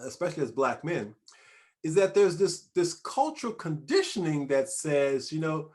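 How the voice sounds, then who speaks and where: A man hosts an interview in a lively, emphatic way, often restarting his phrases. His voice sits a little high for a man, and his pitch swings widely as he makes his points. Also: normal speed. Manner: emphatic and animated, with repeated restarts. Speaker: talk show host. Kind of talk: conversational interview.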